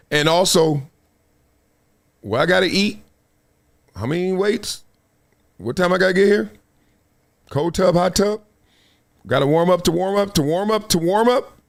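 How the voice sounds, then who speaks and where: A middle-aged man hosting his own live show, talking in an animated, casual way, acting out quotes and laughing often. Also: sits high. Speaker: host.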